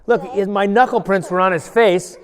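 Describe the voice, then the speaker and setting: A male pastor telling a Bible story to children in a playful, animated way, asking the kids questions and acting out voices. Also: high voice, normal speed, smooth. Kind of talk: lively children's sermon with audience participation. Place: large church hall. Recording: long church hall reverb.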